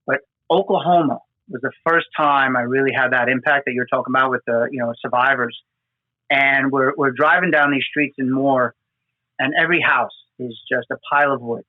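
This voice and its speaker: A man's voice: medium pitch, fairly even intonation, a little fast, no room sound. A man, a firefighter hosting a podcast, telling field stories earnestly with many fillers. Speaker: podcast host, FDNY firefighter. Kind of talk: conversational storytelling. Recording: dry, phone-like remote audio.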